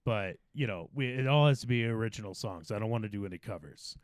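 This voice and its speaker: A man's voice: lowish voice, lively intonation, fast talker, no room sound. A man co-hosting a comedy podcast, rambling through a story and swearing and laughing as he goes. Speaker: podcast co-host. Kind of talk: casual comedy podcast chat.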